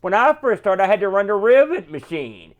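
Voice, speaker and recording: A man with a fairly high voice co-hosting a relaxed chat. He fills in the technical details, explaining how the old machines worked. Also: brisk, phone-quality sound. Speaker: co-host. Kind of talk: casual chat.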